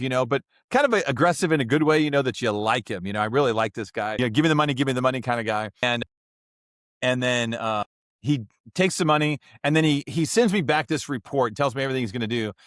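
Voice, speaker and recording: A man's voice: mid-range voice, fast talker, fairly bright tone, dry recording, clean studio sound. A man co-hosting a casual podcast chat, telling rambling stories and acting out what other people said. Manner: rambling storyteller, acts out quoted voices. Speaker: podcast co-host.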